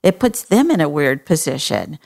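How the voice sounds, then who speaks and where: A Texan woman hosting an advice talk, speaking frankly and with compassion. Her voice sits low and carries a gravelly fry. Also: big pitch swings, normal speed, darkish tone. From Texas. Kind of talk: advice talk show conversation.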